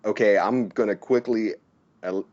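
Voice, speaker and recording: A man's voice: lowish voice, moderate pace, crowd noise. A man playing a tabletop game, speaking hesitantly with restarts. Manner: hesitant, stop-start. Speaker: player. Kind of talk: casual tabletop play. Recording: dull lo-fi mic.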